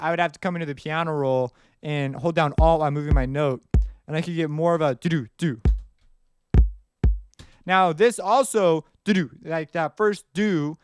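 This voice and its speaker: A man's voice: on the high side, clean tone, dry recording. Casual man scatting beats, dry close mic. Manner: casual and rambling, scats rhythms aloud. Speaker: music production tutor. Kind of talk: screen-recorded tutorial explanation.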